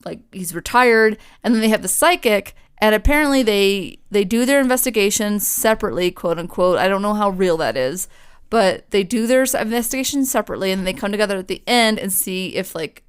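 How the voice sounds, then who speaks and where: Smooth-voiced chatty young woman. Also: medium pitch, expressive, brisk. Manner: chatty, swears freely, lots of fillers. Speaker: podcast co-host. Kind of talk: casual chat, storytelling.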